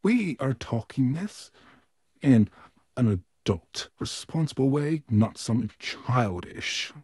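A smug, menacing puppet villain, voiced by a man, in a fan-made audio role-play. His voice is dark and husky, with a slow, drawn-out delivery that swoops up and down theatrically. The recording is dry and close. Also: medium pitch, very animated, dry recording, heavily acted. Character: evil male puppet neighbor, smug, menacing, easily flustered.

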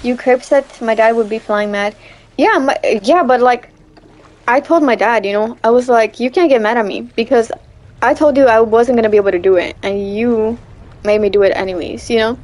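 A young woman chats through a gameplay stream in a slightly high voice. She tells rambling stories and breaks into loud, startled outbursts. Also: normal speed. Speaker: gaming streamer. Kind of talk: casual gameplay commentary.

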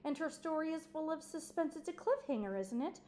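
A woman's voice: high-pitched, lively intonation, fairly quick, warm tone, a little hiss or hum, voice pushed up. A woman voicing a praising schoolteacher. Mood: encouraging. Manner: praising, instructive. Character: encouraging female schoolteacher.

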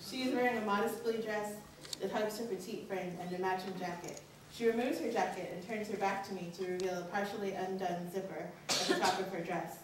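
A woman's voice: fairly even intonation, a little fast, noisy background. A young woman performing a candid personal story live on a college stage, her voice jumping up on anxious inner questions. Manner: earnest, candid, pitch rises sharply on anxious inner questions. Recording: very echoey hall, voice from far off.

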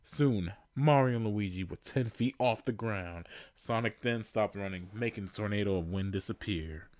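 A man's voice: lowish voice, normal speed, a little mellow, dry recording. A male podcast host reading fan fiction aloud, amused, with laughing asides.

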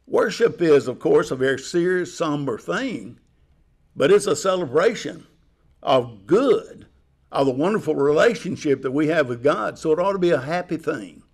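Male chapel preacher, slightly higher voice, measured sermon delivery with pauses. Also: expressive. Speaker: chapel speaker.

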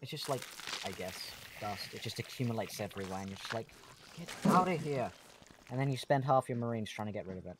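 A man's voice: on the low side, quick pace. A male esports caster on a live stream, talking into a home mic with a light hiss behind him. He keeps the commentary loose and playful, full of jokes at his own expense. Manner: playful, self-mocking banter. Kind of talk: joking game commentary.

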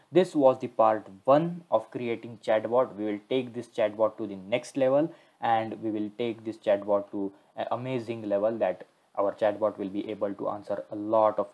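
Low-voiced man explaining code. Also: warm tone. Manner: casual, thinks aloud with many okays and uhs. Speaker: programming tutor. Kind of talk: screen-recorded coding tutorial.

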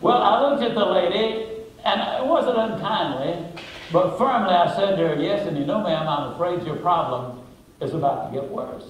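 A man's voice: sits high, moderate pace, highs cut off. A man giving a motivational talk, telling a story in a folksy, emphatic, humorous way, in a very echoey recording played in a church. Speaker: motivational speaker. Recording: very echoey video played in a hall.

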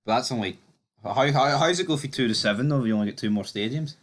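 A man's voice: medium pitch, fast talker. A Scottish man co-hosting a football show, bantering and teasing his co-host in casual chat.

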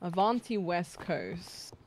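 A woman's voice: on the low side, expressive, takes it slowly, noisy background. A young woman from the UK chatting casually on a live stream, reading chat aloud, with sudden shrieks of laughter. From United Kingdom.

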